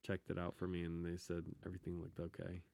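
A young man telling a story in casual chat, swearing often and getting animated as he goes. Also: low-pitched, fast talker, gravelly, no echo.

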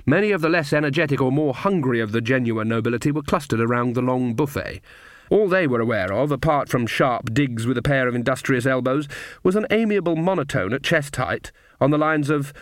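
Brief: male audiobook narrator, wry and measured, dry studio sound. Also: mid-range voice, lively intonation, dry recording. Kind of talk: scripted narration.

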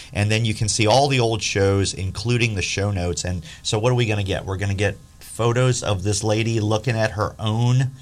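A man hosts a podcast interview with a fairly low voice. He talks in a relaxed, conversational way and keeps the conversation going with questions. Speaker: podcast host.

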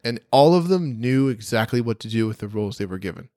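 Man, podcast co-host, casual chat, playful, teasing, very lively intonation, dry close sound. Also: fairly low pitch, fast, no echo.

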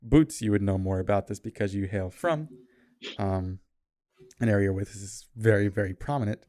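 A man running a tabletop game as game master, describing the world in a relaxed way with some fillers. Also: fairly low pitch, moderate pace, no echo, clean studio sound.

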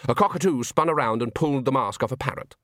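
A man reading a comic novel aloud as narrator, wry and expressive. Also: mid-range voice, quick pace, dry recording, studio quality. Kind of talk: audiobook narration.

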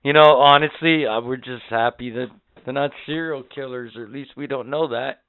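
A middle-aged man cohosting a casual podcast, giving blunt, profane fatherly advice that swings between muttered asides and loud outbursts. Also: mid-range voice, steady tone, normal speed, clean tone, dry recording. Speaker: podcast co-host. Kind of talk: casual crude banter. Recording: tinny phone-like lo-fi audio.

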